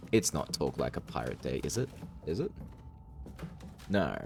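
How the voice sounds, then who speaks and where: Male streamer, very low, gravelly tone, wry casual commentary. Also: very animated, a little slow, long pauses, a little mellow, a little hiss or hum. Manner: wry, chatty, reacting aloud. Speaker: streamer playing a horror game.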